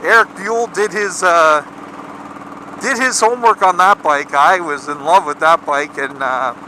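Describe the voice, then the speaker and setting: A man's voice: fairly high pitch, unhurried, sharp tone, slight background noise, rough recording. A Canadian man chatting casually outdoors for his motorcycle vlog, rambling with lots of fillers and restarts. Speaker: motorcycle vlogger.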